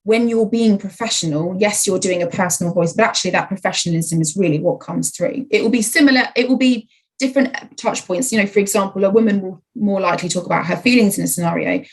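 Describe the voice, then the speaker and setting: A woman speaking as a podcast guest, explaining her writing work in a measured conversational way. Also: medium pitch, poor audio. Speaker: podcast guest, content writer. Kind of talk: conversational interview.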